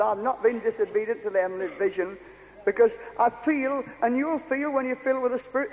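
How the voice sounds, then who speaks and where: A man's voice: very high-pitched, a little mellow. An older man preaching a fervent, repetitive revival sermon to a congregation in a meeting hall.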